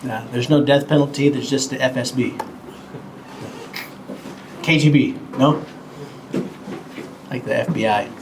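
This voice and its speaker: A man teaching a Bible lesson to children at home, talking slowly and simply, a bit cartoonish, and asking the kids questions. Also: medium pitch, noisy background.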